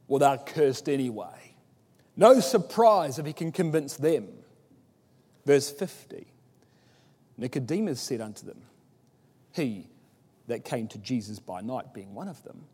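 Man, preacher, expository sermon, emphatic, mellow tone, reverberant hall. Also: medium pitch, slightly rough. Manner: emphatic, rhetorical questions, animated quoting of scripture.

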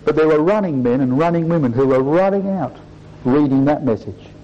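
A man preaching a sermon to a congregation, rising and falling in pitch and repeatedly calling out "brothers and sisters". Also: fairly quick, mellow. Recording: dull lo-fi recording.

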